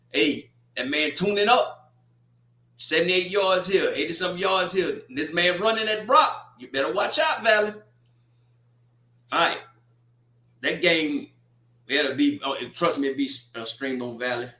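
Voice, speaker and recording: A man hosting a casual college football preview, animated and talking straight to teams and viewers. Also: on the high side. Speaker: sports show host. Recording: echoey room.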